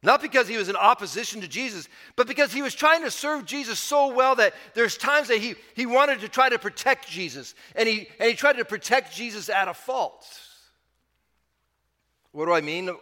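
A man preaching a sermon as pastor, conversational, pushing up on key points and dropping low to close thoughts. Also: expressive, normal speed, sharp tone, big-room sound.

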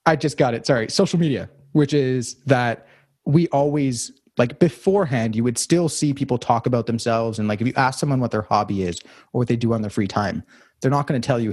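A young man with a slightly husky voice talks in a loose, reflective way, circling back and restarting his sentences. The sound is dry and close, with almost no room around it. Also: medium pitch, brisk, darkish tone, no echo. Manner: rambling, reflective, many fillers and restarts. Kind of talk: casual conversation.

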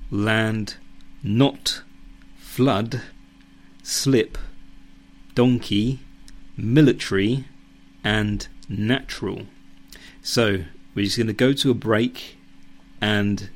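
A man hosting a solo podcast, talking casually with hesitant fillers and reading his own story. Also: fairly low pitch. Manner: hesitant, many ums and restarts. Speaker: podcast host.

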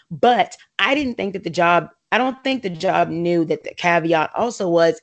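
A woman's voice: fairly low pitch, normal speed, hardly any pauses. An American woman chatting casually and opinionatedly about reality TV, laughing often and slipping into voices when she quotes friends.

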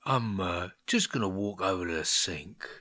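A sly, scheming man in an audio drama, teasing and ruthless. His voice is very bright and animated, rising and falling freely. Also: sits low, moderate pace, heavily acted. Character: Jimmy, scheming manipulative man who likes to win.

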